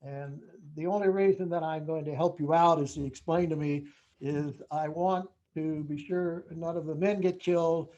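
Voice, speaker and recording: Man in his 70s, folksy storyteller, mellow warm tone, fairly high voice, dull lo-fi recording. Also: fairly even intonation, normal speed. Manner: folksy storytelling that acts out remembered dialogue. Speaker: veteran speaker. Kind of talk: personal story told to an audience.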